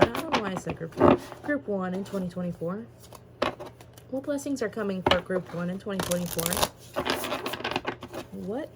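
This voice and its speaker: A woman's voice: mid-range voice, heavy background noise. A woman casually reading tarot cards aloud, chatty and rambling, with frequent fillers and giggles. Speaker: tarot reader.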